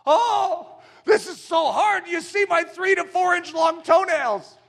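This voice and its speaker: Sermon bit: preacher playing a whiny, self-pitying sloth guy, high and bright. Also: vocal fry, exaggerated voice. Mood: whining. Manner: complaining, drawn-out whine.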